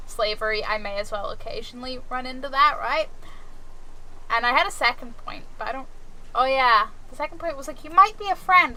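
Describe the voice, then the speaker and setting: A young woman streaming and chatting casually with her viewers, giggly and rambling, swinging between excited and chill. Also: on the high side, a little hiss or hum, low-quality recording. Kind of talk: casual chat with live chat.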